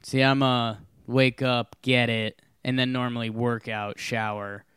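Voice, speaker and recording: A man's voice: mid-range voice, little pitch movement, measured pace, fairly bright tone, a little hiss or hum. A man co-hosting a podcast in casual chat, jokey and riffing. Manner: jokey, riffing, acts out little scenes. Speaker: podcast co-host.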